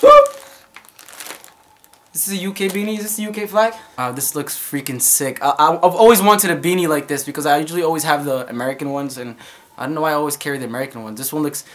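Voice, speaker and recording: A man's voice: a little high, fast talker, a bit bright. A man talking casually to camera as a vlogger, playful and teasing, often repeating and restarting his words. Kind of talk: casual vlog chat.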